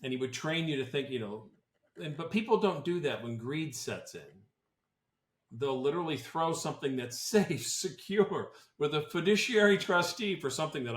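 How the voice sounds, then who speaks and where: A man's voice: a little high, animated, moderate pace. A man who advises on tax planning talks on a podcast in a casual, blunt and opinionated way, often restarting his sentences. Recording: roomy echo.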